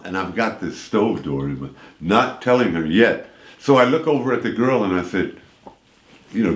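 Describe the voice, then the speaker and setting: Animated man telling a story. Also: lowish voice, normal speed, roomy sound. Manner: lively anecdote with voiced quotes. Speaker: radio show guest. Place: radio studio.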